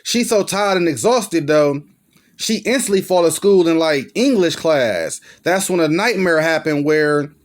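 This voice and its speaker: A man's voice: a little high, animated, a little slow. A young man giving a casual, slangy, profane movie plot recap as the host of his own channel, acting out the characters as he goes. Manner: loose, slangy, profane, acts out lines. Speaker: movie reviewer.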